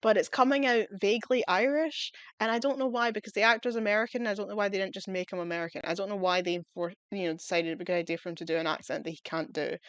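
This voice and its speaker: A woman's voice: lowish voice, dry recording. A woman chatting casually as she reviews TV episodes, enthusiastic and rambling, often breaking into laughter. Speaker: video reviewer.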